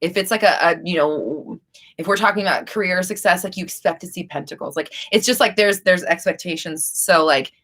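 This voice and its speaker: A woman's voice: fairly low pitch, fairly quick, a bit bright. A young woman hosting a live stream, chatting casually and rambling with many fillers and restarts.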